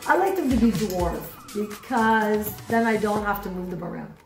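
A woman's voice: medium pitch, animated, normal speed. Enthusiastic middle-aged woman touring her plants. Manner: enthusiastic, rambling, unsure of plant names. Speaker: mother giving a houseplant tour. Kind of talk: casual home video tour. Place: home room with plants. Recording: roomy home echo with music behind.

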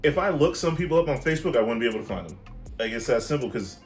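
A man's voice: medium pitch, racing, soft background music. A man talking casually as a podcast guest, laughing often as he tells family stories full of "like.". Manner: animated storyteller, laughs often, says "like" a lot. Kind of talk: casual chat. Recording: roomy, echoey room.

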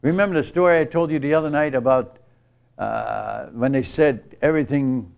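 At a church retreat camp gathering, an older missionary speaker with a gravelly, darkish, medium-pitched voice delivers an earnest storytelling sermon. He speaks at a moderate pace but rambles and restarts often.

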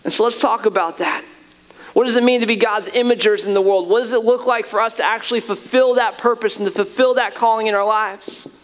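A man's voice: high voice, steady tone, a little fast, fairly bright tone. A male pastor preaching a sermon to his church, earnest and emphatic, often restarting phrases as he builds his point.

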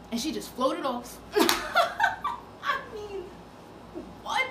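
A woman performing a theatrical monologue, confiding in a friend in a slow, emotional storytelling way. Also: very high voice, wildly swooping pitch, recorded from a distance. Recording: echoey room with background noise.

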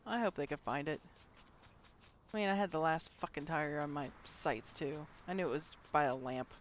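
A woman's voice: normal speed, slight background noise. Playful swearing woman game streamer. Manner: playful taunting, swears, shouts squeaky calls at a monster. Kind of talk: live gameplay commentary.

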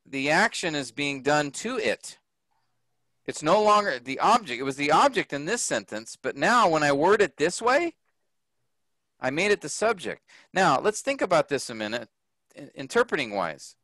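A male teacher explaining grammar in a slow, unhurried way. His pitch rises and falls a lot, sitting a bit high for a man. The room sounds dry and close. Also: a bit bright, dry recording. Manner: slow, patient, checks understanding often. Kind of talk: classroom grammar lesson. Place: workshop room.

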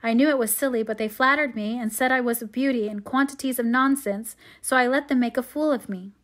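Lady reading a sorry young girl owning up, soft and earnest, bit high. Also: fairly quick, close to an everyday voice. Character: young woman, sixteen-ish, sweet and remorseful.

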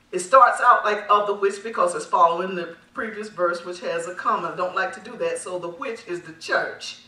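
A woman pastor delivers a sermon in a high, bright voice, pressing questions that the congregation answers back. She laughs lightly as she preaches. The sound carries a roomy echo from a mic set some distance away. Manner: emphatic call-and-response preaching. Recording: echoey hall, mic at a distance.

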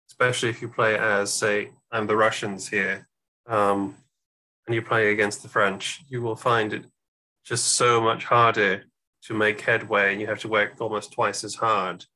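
A man's voice: lowish voice, little pitch movement, normal speed, bright, forceful tone, rough recording. A man who is a guest on a podcast, chatting casually about a strategy game, with many fillers and restarts. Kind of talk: casual discussion while playing.

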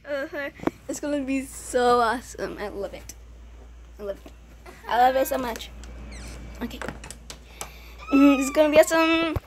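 A woman gamer chatting casually while playing, excitable and giggly, often squealing. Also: high-pitched, moderate pace, pauses often, slight background noise. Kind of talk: casual gameplay chat.

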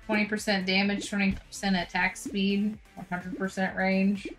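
Woman, co-op gamer, easygoing chat, reads out upgrades, soft music behind. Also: mid-range voice, moderate pace. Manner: relaxed, reads out upgrades aloud. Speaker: co-op game player. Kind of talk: casual gameplay chat.

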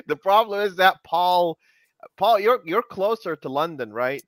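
A man's voice: sits high, animated, normal speed, a bit bright, no room sound. A man hosting a live coding session, chatting casually and teasing his co-hosts, with lots of "you know".

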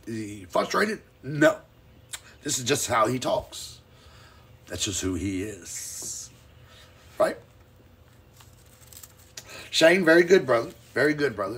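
Gravelly, husky fiery preacher man. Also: medium pitch. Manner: fiery and emphatic, with sudden loud and quiet swings; reads scripture slowly and deliberately. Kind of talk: live-streamed Bible teaching.

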